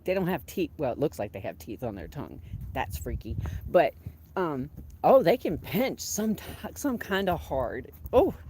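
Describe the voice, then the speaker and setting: A woman's voice: sits low, darkish tone, slight background noise. A woman, chatting casually on a livestream from her home kitchen, laughing often. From Southeastern Virginia. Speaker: vlogger.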